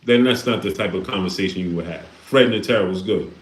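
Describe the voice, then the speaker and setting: A deep-voiced man talks fast while hosting a livestream in an echoey room. He reads Super Chats, chats casually, and preaches with repeated rhetorical questions.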